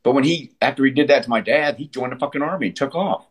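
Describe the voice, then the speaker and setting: A man's voice: medium pitch, fast, husky. A man in his sixties telling his story as an interview guest, blunt and profane, often restarting his sentences. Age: 60s. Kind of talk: candid conversational storytelling.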